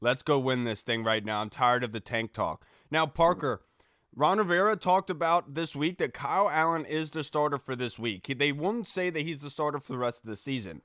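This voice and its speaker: A man's voice: fairly high pitch, brisk, fairly bright tone, no room sound. Upbeat man hosting, dry close sound. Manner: upbeat, agreeable, steers the talk. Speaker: podcast host. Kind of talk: casual sports podcast chat.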